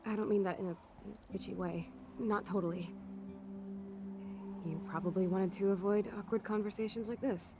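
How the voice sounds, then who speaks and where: A woman's voice: medium pitch, fairly even intonation, normal speed, background noise, lightly acted. An actress voicing a blunt, wry young woman in a video game, talking in a frank, sardonic way. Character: blunt, wry young woman, teenage girl's best friend.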